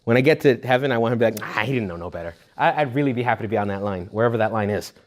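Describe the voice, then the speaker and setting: A man, a Catholic priest, giving a retreat talk to young adults in a blunt, jokey, animated way. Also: mid-range voice, very fast. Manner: animated, jokey, acts out quoted voices; blunt and emphatic.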